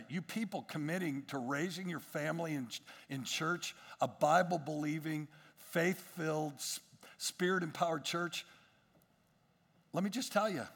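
A male pastor preaching a sermon, swinging between quiet asides and emphatic rises, with frequent repetitions and restarts. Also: a little high, slightly rough, big-room sound.

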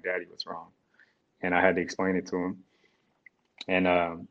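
A young man, a guest, telling an emotional personal story in a halting, reflective way with restarts. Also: on the low side. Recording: dull lo-fi sound.

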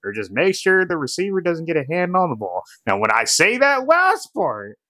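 A man's voice: a little high, wildly swooping pitch, normal speed, pushed and bright, no room sound. A man co-hosting a casual sports podcast, telling stories with loose slang and frequent laughter. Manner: laughing storyteller, loose slangy banter, playful. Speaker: podcast co-host.

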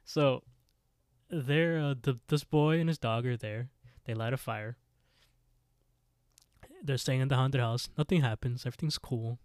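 A man's voice: mid-range voice, measured pace, pauses often, darkish tone, no echo, clean studio sound. A man co-hosting a podcast, retelling a scary story in casual chat with lots of fillers. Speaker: podcast co-host.

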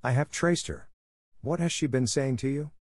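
A man's voice: mid-range voice, moderate pace, darkish tone, no echo, clean studio sound, pitched above the performer's own voice, lightly acted. A man voicing a huge, furious old doctor in a storybook reading, blustering and snarling.

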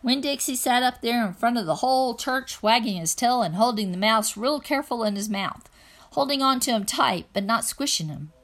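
A woman reading a children's novel aloud in an even, plain first-person narration. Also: fairly high pitch, normal speed. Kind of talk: read-aloud storytelling.

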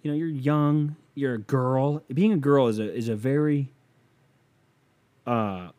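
A young man in his twenties chats casually on his podcast, reading out a listener's letter and reacting to it. His voice sits at a middling pitch, and he drifts into profane, joking asides as he gives advice. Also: measured pace, darkish tone. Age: 20s. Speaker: podcast host.

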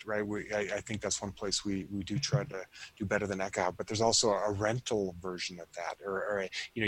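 A man representing a software company in casual panel chat, hesitant, repeating words and often adding "right?". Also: fairly low pitch, low-quality recording.

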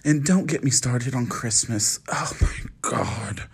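Sassy, animated young man. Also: mid-range voice, takes it slowly, gravelly, slightly rough. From United States. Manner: sassy, chatty, animated, lots of fillers. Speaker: podcast host. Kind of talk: casual solo podcast chat. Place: at home at night.

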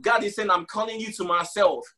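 A man's voice: high voice, fairly even intonation, brisk, pushed and bright. A man preaching with passion on a live broadcast, repeating his key phrases and calling out to listeners with "y'all.".

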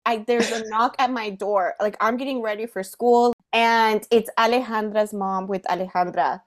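A woman's voice: on the high side, moderate pace, few pauses. A young woman hosting a podcast, telling a personal story animatedly with frequent laughter. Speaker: podcast host. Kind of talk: casual storytelling.

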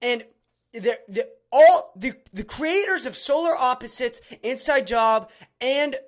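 A man hosting a podcast, ranting angrily with heavy swearing, shouting at times and then sinking into low, bitter grumbling. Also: animated, unhurried. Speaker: podcast host. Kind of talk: angry podcast rant.

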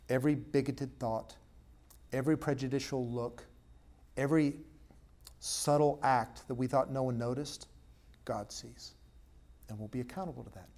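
A man preaching a sermon as pastor, swinging between loud punchy stresses and low, quiet asides.

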